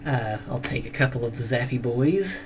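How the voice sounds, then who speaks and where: A woman's voice: rumbling low, expressive, moderate pace, a little hiss or hum. A woman playing in a tabletop game, hesitant and stammering. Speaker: player. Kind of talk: casual tabletop play.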